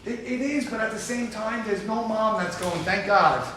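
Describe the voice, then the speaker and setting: A man's voice: sits high, normal speed, pushed and bright. A man leading a recovery group talk, speaking emphatically and repeating points for stress. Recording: echoey room from far off with hiss.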